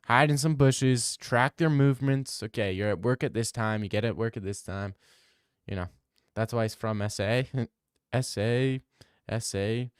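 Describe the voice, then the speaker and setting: A man's voice: mid-range voice, measured pace, clear, resonant tone, no room sound, clean studio sound. Crude rambling young streamer guy. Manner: rambling, crude, jokey, slips into silly voices. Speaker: livestream host answering chat. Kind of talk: crude casual livestream chat.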